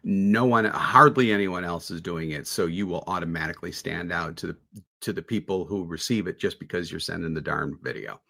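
A man's voice: sits low, brisk, creaky, bright, forceful tone. A man hosting a casual podcast, speaking in an easygoing, encouraging way and often affirming his guest. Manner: easygoing, supportive, frequent affirmations.

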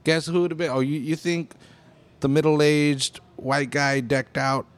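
A man's voice: fairly high pitch, little pitch movement, measured pace. A young American man in a casual, profane monologue, talking with heavy emphasis. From United States. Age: young adult.

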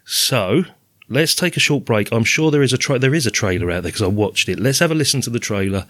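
A man's voice: mid-range voice, animated, a little fast, a bit bright. A man hosting a casual film chat in an easygoing, enthusiastic way. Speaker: podcast host.

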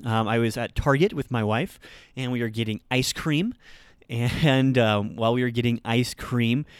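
A man with a mid-range voice speaks at normal speed, with a clean tone on a dry recording. He hosts a Japanese-learning podcast from Utah, telling a story in a casual monologue that's chatty, self-deprecating, and full of fillers.

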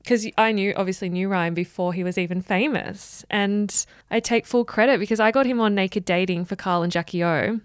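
A woman's voice: medium pitch, fairly quick, few pauses, smooth, no echo, studio quality. A woman hosting a casual interview, chatty and gossipy, swearing casually. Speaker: podcast host.

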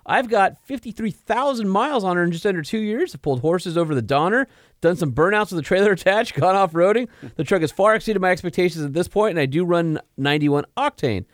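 A man's voice: high-pitched, lively intonation, fast, no room sound, clean studio sound. A man co-hosting a casual car podcast, reading listener letters aloud with emphasis. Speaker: podcast co-host.

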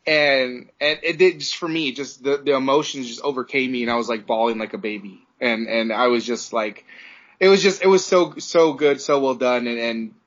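A man's voice: mid-range voice, moderate pace, fairly bright tone. Emotional rambling man, dull lo-fi sound. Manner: emotional, rambling with many restarts. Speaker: podcast co-host. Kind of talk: casual chat.

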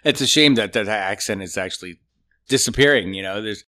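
A man guesting on a casual podcast, animated and storytelling. His voice is bright and forward. He breaks into quick mock accents. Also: fairly low pitch. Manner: lively storyteller, mimics accents. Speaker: guest butcher. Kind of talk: casual chat.

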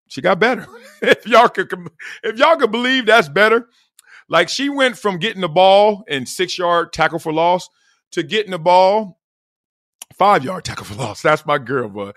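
A man's voice: medium pitch, dry recording, studio quality. A middle-aged man hosting a podcast, telling stories in a loose monologue, acting out the people he quotes and laughing often. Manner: animated, acts out quoted voices, laughs often. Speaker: podcast host. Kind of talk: casual storytelling monologue.

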